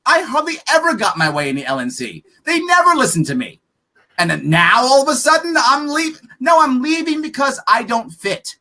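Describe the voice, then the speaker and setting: Animated, blunt man on a podcast. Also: extremely high pitch. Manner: emphatic and blunt, rapid rhetorical questions; profane, frank. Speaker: political candidate guest. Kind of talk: podcast interview.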